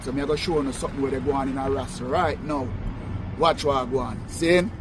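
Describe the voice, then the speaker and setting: A man, vlogging casually from inside a store, chatty and relaxed. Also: on the high side, brisk, noisy background. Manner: laid-back, chatty, asks viewers for agreement. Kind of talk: casual street vlog.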